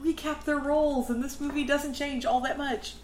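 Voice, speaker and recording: A woman's voice: high-pitched, fairly even intonation, moderate pace. A woman co-hosting a casual movie podcast in a chatty, upbeat way. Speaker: podcast co-host. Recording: echoey room with clear background noise.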